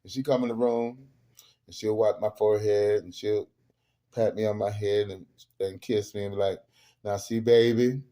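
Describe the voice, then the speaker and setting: A man hosting a show, telling family stories in a casual, animated and emphatic way with salty humor. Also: lowish voice, normal speed. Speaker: host. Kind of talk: casual storytelling monologue.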